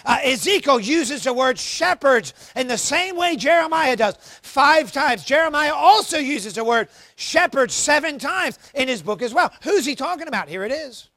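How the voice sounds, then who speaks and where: Man preaching, high voice, lively pitch, emphatic, dry close sound. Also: moderate pace, hardly any pauses, no room sound. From United States. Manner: emphatic, swings between loud emphasis and quiet asides. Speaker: pastor. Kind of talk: sermon.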